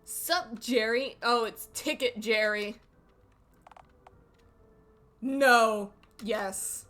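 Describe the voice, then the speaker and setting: A woman's voice: a little high, takes it slowly, fairly bright tone. A woman streamer giving casual, joking commentary while playing a game, crude and often cutting herself off. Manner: joking, crude, self-interrupting.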